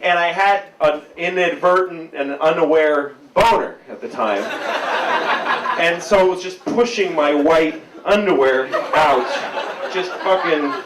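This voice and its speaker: Slightly high male storyteller, self-deprecating, off-mic in an echoey, noisy room. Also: measured pace, far from the mic. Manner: rambling, self-deprecating anecdote.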